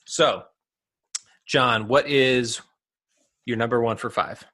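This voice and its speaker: A man's voice: medium pitch, takes it slowly, pushed and bright. A man in his thirties with a New Jersey accent hosting a podcast in casual chat, jokey and laughing often. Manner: jokey, laughs a lot, drops into goofy voices. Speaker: podcast host.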